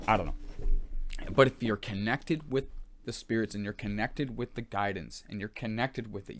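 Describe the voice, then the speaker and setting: Guy in his 30s, kinda low voice, rambling story, lots of "like" and restarts. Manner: rambling, loose, full of "like" and restarts. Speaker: vlogger. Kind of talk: casual storytelling.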